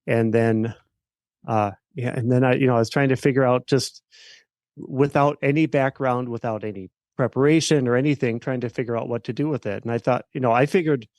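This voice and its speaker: A middle-aged man, an attorney and podcast guest, recounting a personal story in a halting way with many fillers and restarts. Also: medium pitch, fairly even intonation, a little mellow, dry recording.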